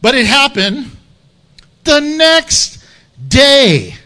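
A man's voice: very high-pitched, big pitch swings, extremely slow, sharp tone. A man preaching an expository sermon in an impassioned, emphatic, conversational way.

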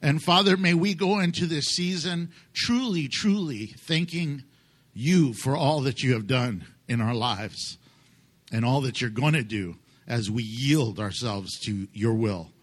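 A man's voice: medium pitch, unhurried. A pastor preaching a conversational, emphatic sermon to his congregation, joking with them along the way.

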